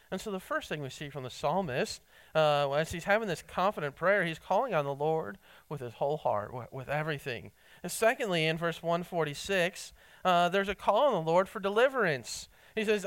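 A fairly high-voiced man preaching with earnest, stumbling intensity, restarting words again and again. His tone is smooth and clear, caught dry and close with no room sound. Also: dry recording, poor audio. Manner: earnest, halting with many repeated words and fillers; rises in pitch and force when stressing a point, drops low and quiet when reflecting. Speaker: pastor. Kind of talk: sermon.

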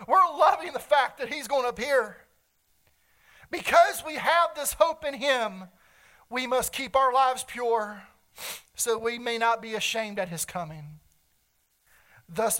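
Male pastor, earnest sermon delivery, swings between loud and soft, heartfelt. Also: very high-pitched. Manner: earnest, swells and drops in volume, emotional at times.

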